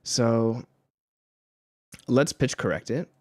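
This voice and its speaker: A man's voice: mid-range voice, slow pace, darkish tone, no room sound, clean studio sound. A man streaming casually while making music, rambling with fillers and laughing at himself. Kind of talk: casual live-stream chat.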